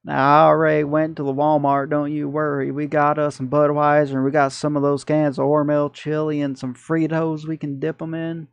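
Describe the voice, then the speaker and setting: Guy doing a thick southern drawl trucker, folksy good ol boy, gravelly, flat tone. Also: a little high, normal speed, few pauses, no echo, dull audio. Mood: folksy, hearty. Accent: Southern US (put on). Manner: heavy drawl, hearty and folksy.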